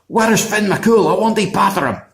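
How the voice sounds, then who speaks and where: Male storyteller voicing a loud Scottish giant, high and boomy, roomy sound. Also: expressive, normal speed, creaky. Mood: bellowing. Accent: put-on Scottish. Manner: loud, bellowing, demanding. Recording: echoey room.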